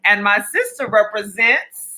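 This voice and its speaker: A woman's voice: mid-range voice, animated, a little slow, pushed and bright, poor audio. A woman co-hosting a live podcast broadcast over a video call, chatting casually and telling upbeat stories. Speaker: podcast co-host.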